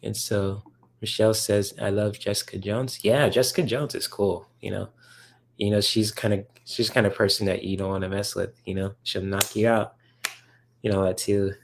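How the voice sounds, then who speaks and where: Gravelly-voiced man chatting casually on a livestream. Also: fairly low pitch, fairly even intonation, moderate pace, slight background noise. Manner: rambling, filler-heavy, enthusiastic about comics. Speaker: livestream host answering chat.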